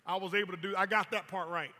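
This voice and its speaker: On stage, a male motivational speaker tells stories with emphatic repetition of words. He talks fast in a high, steady, sharp-toned voice, with long hall reverb around him.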